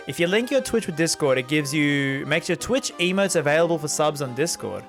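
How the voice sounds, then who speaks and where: Over background music, a man streams a game and chats loosely with his viewers, rambling and leaning on fillers like "like" while often addressing chat. His voice is on the high side, animated and fairly quick, with few pauses. It's casual let's-play commentary.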